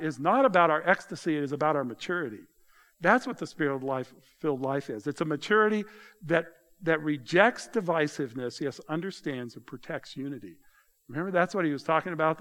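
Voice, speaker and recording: Conversational male pastor, slightly high voice. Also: a bit bright. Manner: conversational, addresses congregation directly. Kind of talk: sermon.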